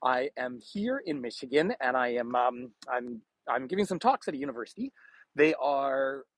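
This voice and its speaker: Outdoors by a frozen bay, a man hosts a live walking-tour vlog in a mid-range voice with lively intonation at normal speed. Shot on a phone on a gimbal, the rough, echo-free recording catches him chatting, laughing a lot and greeting viewers by name.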